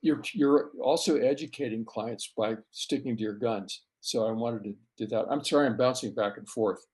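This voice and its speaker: Middle-aged male guest, mid-pitched voice, chatty anecdotal delivery with stumbles and restarts. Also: normal speed, a little mellow, slightly rough. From US West Coast. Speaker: photographer guest. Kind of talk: casual interview storytelling.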